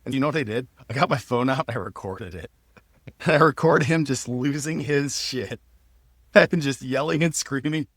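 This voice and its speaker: A man in his thirties, a podcast host, telling a personal story in a lively, casual way and laughing often. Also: mid-range voice, moderate pace, no room sound.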